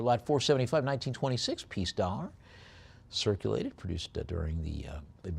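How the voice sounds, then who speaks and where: A man running a live auction, his voice rough with gravel. He rattles off bids fast and drifts into chatty remarks about the lots. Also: lowish voice, big pitch swings, noisy background. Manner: rapid bid calling with chatty asides.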